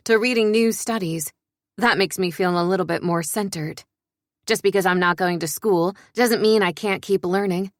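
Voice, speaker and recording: A young woman reading a first-person story in a soft, measured, introspective way. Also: medium pitch, no echo, studio quality. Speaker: narrator.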